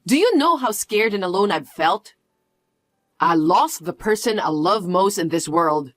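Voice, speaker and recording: A woman voicing a frantic middle-aged mother who pleads, pushes and keeps repeating herself, in a lower, heavier register. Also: lively intonation, measured pace, a bit bright, no room sound, studio quality. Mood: pleading. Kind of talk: dialogue story acting.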